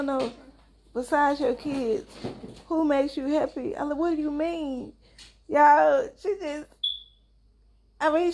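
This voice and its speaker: A woman's voice: high-pitched, a little mellow. A young woman, a married mother, casually telling a story to her viewers, chatty and acting out both sides of the conversation. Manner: chatty, addresses viewers as y'all, acts out dialogue. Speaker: vlogger and mother.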